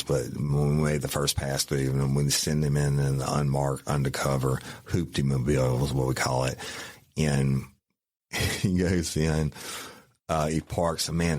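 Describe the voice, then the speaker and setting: A man's voice: a bass voice, darkish tone, no room sound, clean studio sound. A middle-aged man, a former cop hosting a podcast, telling a profane, folksy story and calling listeners y'all. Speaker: podcast host, former police officer. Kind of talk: casual storytelling.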